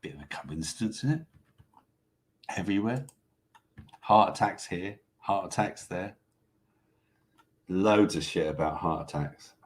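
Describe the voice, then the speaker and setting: A man with a somewhat low voice hosts a casual live stream. He rambles through viewer comments in an offhand, loose way, with swearing thrown in. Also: lively intonation, unhurried, pauses often, slight background noise. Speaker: live show host reading viewer comments. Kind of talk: casual livestream chat.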